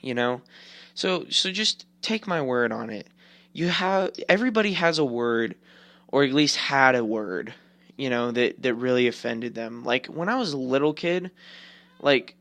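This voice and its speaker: A man's voice: medium pitch, lively intonation, normal speed, a bit bright, dry recording. Rambling profane young man, dry sound. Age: 20s. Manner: rambling, profane, heavy filler words. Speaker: podcast host. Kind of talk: casual opinion rant.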